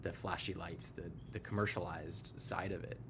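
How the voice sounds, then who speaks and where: An American man, a guest on an online panel, speaking in a measured, hedging way. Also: deep voice, flat delivery, fairly bright tone. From USA. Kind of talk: casual panel chat.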